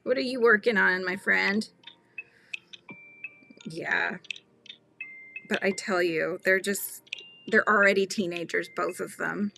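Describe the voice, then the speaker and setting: A bright, clear-voiced woman in her thirties hosts a relaxed crochet livestream from home. She chats easily with viewers, laughs often and drifts from story to story. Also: medium pitch, slow pace, long pauses, faint music behind. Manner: chatty, laughs often, talks to live chat. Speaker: crochet channel host. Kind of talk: casual livestream chat while crocheting.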